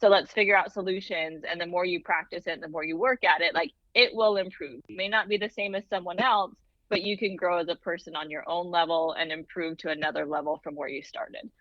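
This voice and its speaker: Woman co-host, casual chat, thoughtful; low-ish voice, muffled dry audio. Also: fairly even intonation, a little fast, few pauses, dry recording. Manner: thoughtful, frequent "like" fillers. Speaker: podcast co-host.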